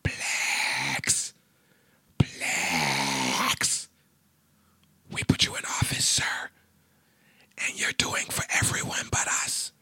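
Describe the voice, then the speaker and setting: A man putting on a hushed elderly male politician in whispered role-play, breathing the words out in halting bursts. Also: rumbling low, fairly even intonation, husky, no echo, pitched below the performer's own voice, exaggerated voice. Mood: pleading.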